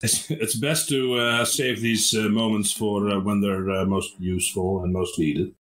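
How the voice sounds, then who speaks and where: A man's voice: lowish voice, steady tone, measured pace, close to an everyday voice. A man voicing a boastful sixty-year-old human archmage with a pompous, self-praising manner in an online tabletop game. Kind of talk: tabletop role-play over a video call.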